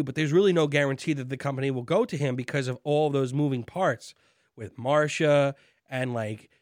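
Man, casual podcast chat, jokey and animated, dry close sound. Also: fairly high pitch, no room sound. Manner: animated, jokey, acts out lines from the show. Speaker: podcast co-host.

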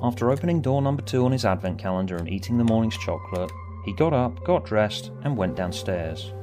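Expressive man narrating a story. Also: on the low side, a little fast, over music. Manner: expressive, swinging between bright and hushed. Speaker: author and narrator.

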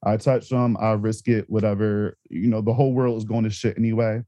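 Male podcast co-host, warm mellow tone, dry close sound, relaxed with restarts. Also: fairly low pitch, a little fast, no echo. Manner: easygoing, stammering restarts, chuckles. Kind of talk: casual film discussion.

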